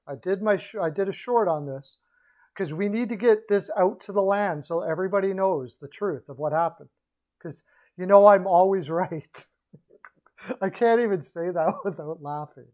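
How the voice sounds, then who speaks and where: A man hosting a casual hockey livestream, rambling and opinionated, often restarting his sentences. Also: sits high. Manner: rambling, opinionated, self-correcting. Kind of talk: casual sports betting and hockey rant.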